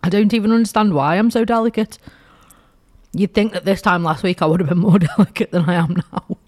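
A woman's voice: mid-range voice, brisk, a little mellow. Giggly, tired radio co-host woman. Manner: self-mocking, giggly banter. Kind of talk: casual on-air chat.

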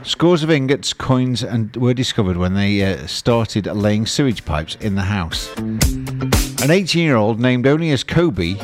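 Older bloke rambling on the radio, lively up and down voice, music under him. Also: male voice, medium pitch, measured pace. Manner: rambling, conversational, asks listeners rhetorical questions. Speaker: radio presenter. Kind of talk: chatty radio talk.

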